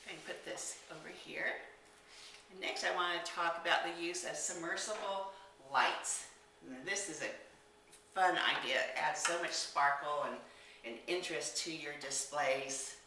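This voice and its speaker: A woman's voice: sits low, unhurried, gravelly, sharp tone, far from the mic, slight background noise. Chatty woman demonstrating crafts in an echoey room. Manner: chatty, enthusiastic, exclaims while working. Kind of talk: casual product demonstration. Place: indoor room. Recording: echoey room, somewhat off-mic.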